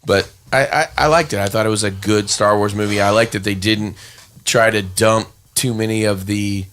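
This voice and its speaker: A man's voice: fairly low pitch, steady tone, moderate pace, a bit bright. Easygoing male movie podcast co-host. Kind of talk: casual movie review chat.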